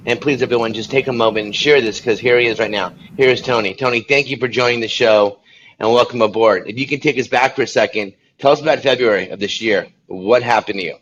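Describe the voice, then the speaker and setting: A man's voice: mid-range voice, fast talker, a bit bright. A man hosting an online talk show, earnest and encouraging as he interviews a guest. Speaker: show host. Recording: muffled lo-fi sound with faint background noise.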